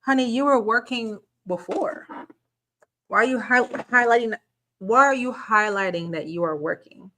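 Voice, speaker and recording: A woman's voice: on the high side, normal speed, pushed and bright. A woman channel host giving reaction commentary, firing off incredulous rhetorical questions and repeating words as she gathers her point.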